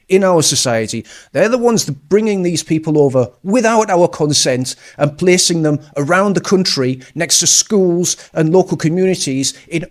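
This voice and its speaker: A man giving sarcastic, mocking political commentary over clips. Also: on the high side. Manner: sarcastic, mocking, with scornful laughs.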